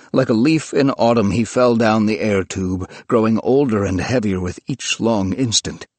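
A man giving a measured, scripted narration of a story. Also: low voice, no echo.

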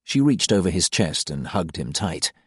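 A man narrating an audiobook in a calm, unhurried reading. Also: sits low, husky, no room sound, clean studio sound.

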